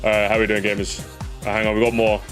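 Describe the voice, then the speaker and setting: A man's voice: lowish voice, completely flat delivery, fast talker, over music. A man hosting a casual gaming livestream, rambling jokily, repeating phrases and calling his viewers gamers. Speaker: livestream host.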